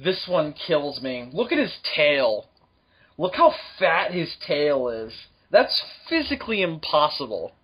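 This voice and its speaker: Higher-voiced husky man, blunt podcast banter. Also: big pitch swings, a bit bright. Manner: blunt, swearing, quick to mock. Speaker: podcast co-host. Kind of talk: casual podcast chat.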